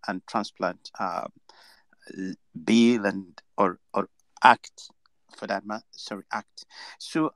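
A man with a Ugandan English accent hosting and closing an online audio discussion, halting with many fillers. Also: mid-range voice, a bit bright, dry recording. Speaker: host.

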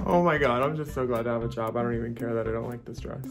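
Dressed in drag, a man leads a campy, sassy backstage tour of theatre dressing rooms, trading quips and laughs with castmates in a casual vlog style. His voice is mid-range, his pace moderate, and music plays in the background.

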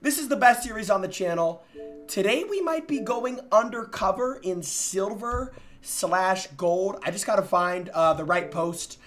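An excitable young man talking through his gaming session in casual commentary. He gets hyped fast and breaks into sudden loud shouts. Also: sits high, faint music behind. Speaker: gaming streamer, host.

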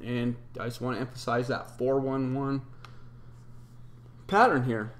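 A man's voice: medium pitch, fairly even intonation, unhurried. A man presenting a solo explanatory video, laying out long strings of numbers and reading scripture quotes, with frequent ums and uhs. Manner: methodical, recites numbers and scripture with filler ums. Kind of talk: explanatory monologue.

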